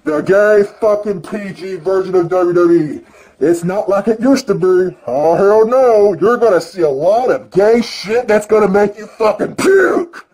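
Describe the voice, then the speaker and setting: Male vlogger, high and wildly animated voice, profane excitable rant. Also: a little slow. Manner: excitable, profane, swings between yelling and mumbling. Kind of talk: ranting video reaction.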